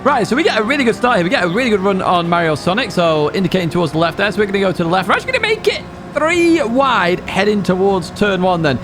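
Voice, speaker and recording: A man's voice: sits high, very fast, hardly any pauses, music in the background. A man hosting a racing game guide, giving upbeat, instructive commentary with jokey asides. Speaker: gaming channel host. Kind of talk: race guide commentary over gameplay.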